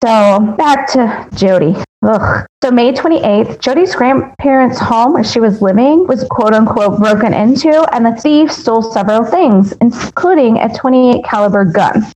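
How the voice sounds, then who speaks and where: A woman with a fairly high voice co-hosts a podcast, reading events in order. She keeps it plain and adds wry, cautious asides. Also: moderate pace, darkish tone, poor audio. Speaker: podcast co-host. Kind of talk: casual true-crime narration.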